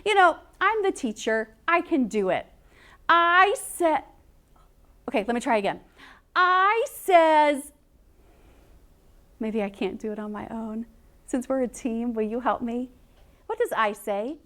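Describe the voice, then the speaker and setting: High, slow-talking woman teacher. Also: animated, a bit bright. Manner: sing-song, playful and encouraging. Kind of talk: recorded classroom lesson for young children.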